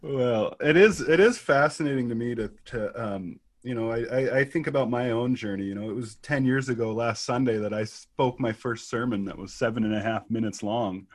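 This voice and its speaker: A man speaking in a hesitant, halting way, full of restarts as he gathers his thoughts. His voice sits at a middle pitch and is recorded close and dry, with no room around it. He is a pastor leading a relaxed conversation. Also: dry recording. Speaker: pastor, interviewer. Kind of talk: casual conversation.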